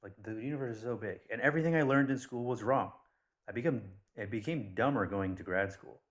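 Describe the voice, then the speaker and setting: A man's voice: medium pitch, fairly quick. A man talking casually and bluntly to camera, swearing and acting out stories as he rambles. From Persian background. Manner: blunt, swears, animated retellings. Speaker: vlogger.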